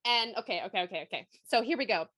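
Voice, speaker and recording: A woman's voice: medium pitch, lively intonation, racing, sharp tone. A woman co-hosting a casual book podcast, gushing and giggly as she chats and reads passages aloud. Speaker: podcast co-host.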